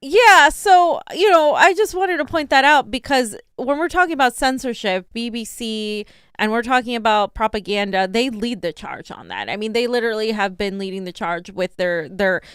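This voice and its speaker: Woman, sarcastic, laughing co-host, smooth clear voice, dry close sound. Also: fairly high pitch, lively intonation, normal speed, a bit bright, no echo. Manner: sarcastic, laughs often, swears. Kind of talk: casual political chat.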